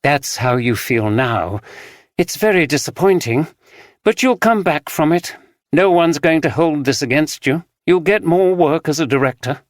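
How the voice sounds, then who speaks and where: Gentle and reassuring, a man voices a caring woman lifting her voice up high as she comforts her partner in a storybook reading. The recording is dry and close, with no room sound at all. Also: lively intonation, normal speed, no echo.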